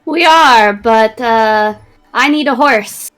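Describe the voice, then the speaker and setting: A woman's voice: on the high side, slow pace, a bit bright, faint music behind. A woman playing a tabletop game over a call, casual and dryly amused. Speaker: player.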